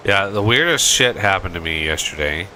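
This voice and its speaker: A man's voice: sits low, lively intonation, moderate pace, pushed and bright, slight background noise. A man hosting a gaming channel, chatting casually while he plays and telling a rambling story full of restarts. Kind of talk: casual chat while playing a game.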